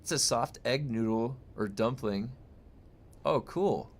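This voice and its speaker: Speaking slowly in a mid-range voice, a young adult man from the United States streams and reads viewer comments. His casual conversation wanders, packed with fillers and false starts.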